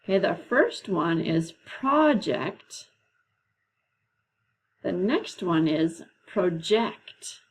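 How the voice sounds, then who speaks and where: A woman teacher leading a classroom lesson, explaining patiently and slowly, with frequent "okay"s. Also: on the low side, big pitch swings, husky, poor audio. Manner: slow, patient, drawn-out explanations.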